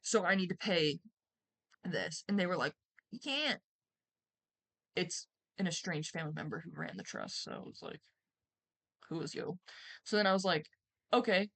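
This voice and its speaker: A young woman streamer telling a personal story in a rambling, animated way, swearing and acting out quotes loudly. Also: lowish voice, a little fast. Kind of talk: casual storytime.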